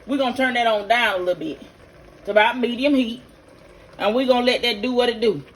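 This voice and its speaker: A woman's voice: a little high, a little fast. Folksy woman cooking at home. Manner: folksy, chatty, instructive, addresses viewers directly. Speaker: home cook, vlog host. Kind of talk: casual cooking demonstration. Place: home kitchen.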